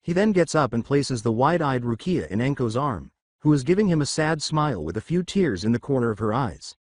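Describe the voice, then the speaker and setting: A man reading scripted fan-fiction narration in an even way. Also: medium pitch, brisk, dry recording.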